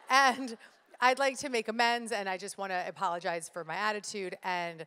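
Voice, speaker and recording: Woman giving a lively talk in a hall. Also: mid-range voice, fast, clear, resonant tone. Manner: lively storytelling, addressing the audience directly. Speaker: speaker at a live event. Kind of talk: motivational live talk. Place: stage in a large hall. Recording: live hall with reverb.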